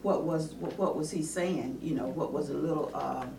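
A man's voice: fairly high pitch, normal speed, gravelly. A man in a Bible study group asking a hesitant question, searching for his words. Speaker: class participant. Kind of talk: group discussion. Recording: echoey room, distant, noisy.

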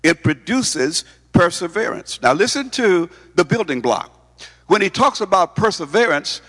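Male preacher, high voice, emphatic sermon delivery, long hall reverb. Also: animated, measured pace, pushed and bright. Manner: emphatic, repeats words, asks the congregation questions.

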